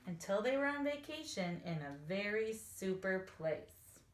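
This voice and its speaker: A woman teacher reading a children's picture book aloud in an expressive storytelling manner. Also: mid-range voice, unhurried. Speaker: elementary school teacher. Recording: echoey room, faint hiss.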